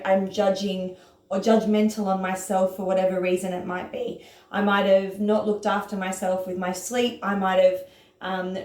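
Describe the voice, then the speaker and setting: A woman who teaches yoga and writes, talking casually and earnestly to her followers about self-compassion, at times rushing with excitement and then slowing herself down. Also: medium pitch, echoey room. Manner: excited, earnest, speeds up and slows down.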